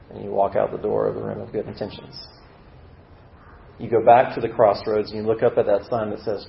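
A man's voice: fairly low pitch, level tone, a little fast, vocal fry, a little hiss or hum. Man preaching a story-driven sermon. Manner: vivid, acts out scenes with dramatic swings in volume. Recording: roomy, slightly dull sound.

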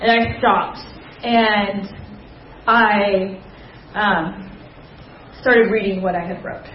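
Young woman sharing her testimony at church, talks slow and earnest, kinda dull roomy sound. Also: mid-range voice, fairly even intonation, far from the mic, slight background noise. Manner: earnest and confiding, with soft fillers. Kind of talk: personal testimony talk. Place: church gathering room.

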